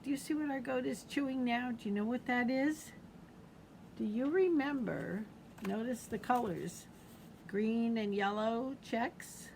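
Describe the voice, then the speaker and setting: A children's librarian reading picture books aloud at storytime, animated and asking the children questions. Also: female voice, a little high, unhurried, gravelly, slight background noise.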